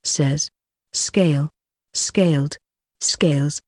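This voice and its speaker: A woman reading an alphabetical vocabulary list aloud, one word at a time with pauses between. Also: low-pitched, darkish tone, no room sound. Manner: reads single words one by one with pauses.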